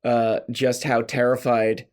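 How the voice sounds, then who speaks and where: A man's voice: medium pitch, slow. Chatty man acting out film scenes. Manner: animated, acts out quoted lines in a raised voice. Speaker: podcast co-host. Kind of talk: casual film discussion.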